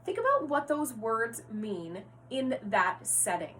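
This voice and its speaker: Slow-paced woman teacher, distant mic. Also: on the high side, very animated, fairly bright tone. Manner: slow, clear, encouraging classroom delivery, spelling words out letter by letter. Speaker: first grade teacher. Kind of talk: recorded reading lesson for young children. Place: home, near her rocking chair. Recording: distant mic with faint hum.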